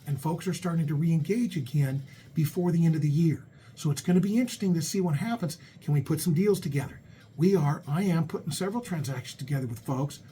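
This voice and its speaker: Middle-aged American man, talk radio host, folksy and chatty, slightly high voice, faint background hiss. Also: mellow. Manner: chatty, folksy, repeats words when restarting. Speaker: radio show host and real estate agent. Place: radio studio.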